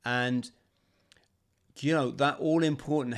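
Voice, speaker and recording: A British man hosting a podcast interview, talking in a measured, reflective way with some hesitations. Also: on the high side. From Britain. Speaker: podcast host. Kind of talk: casual interview chat.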